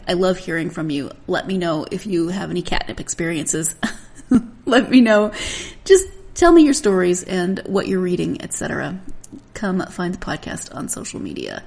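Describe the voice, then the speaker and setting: A woman's voice: lowish voice, vocal fry, darkish tone. A woman in her forties hosting a book podcast, chatting in a rambling way and laughing often. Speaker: podcast host. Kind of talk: casual solo podcast chat.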